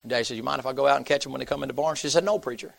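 A man with a drawl preaches through a down-home story, acting out each person in it. His voice is gravelly and rough at the edges. It rings bright and forceful. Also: mid-range voice, steady tone, rapid-fire, no room sound. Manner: folksy storyteller, acts out characters' voices. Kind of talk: sermon storytelling.

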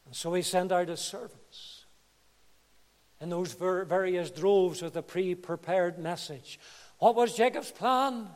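A man preaching a sermon with fervour, dropping to a hush and then rising to loud, impassioned peaks. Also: high-pitched, unhurried. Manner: impassioned, swinging between hushed and loud. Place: church. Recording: reverberant church hall.

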